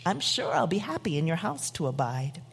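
A woman gives voice to a delicate crystal goblet that prides itself on clarity. The voice is breathy with a lively rise and fall. It sounds prim and self-satisfied. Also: deep voice, moderate pace, voice pushed down, exaggerated voice. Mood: proud. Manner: prim, proud. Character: fragile proud crystal goblet.

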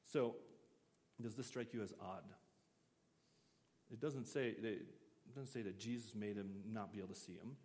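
A man's voice: lowish voice, normal speed, pauses often, darkish tone, in a large hall. A man preaching an interactive sermon, talking casually and asking his listeners questions. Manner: conversational, asks the audience questions.

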